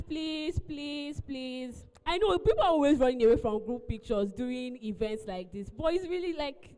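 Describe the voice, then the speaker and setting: Woman event host, high bright voice, keeps coaxing everyone, long hall echo. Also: smooth. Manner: coaxing, repeats pleas. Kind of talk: live event emcee announcements.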